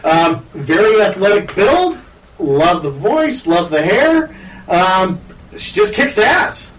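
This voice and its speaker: A man co-hosting a casual podcast, talking in an animated, rambling way and laughing often. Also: high-pitched, slow, roomy sound, far from the mic, low-quality recording. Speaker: podcast co-host.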